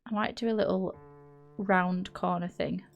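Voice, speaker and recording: She's a Yorkshire woman streaming a building game live, talking in a chatty, meandering way and laughing and correcting herself often. Her voice is lowish, fairly even in intonation and unhurried, with vocal fry. The recording has its highs cut off and soft music in the background.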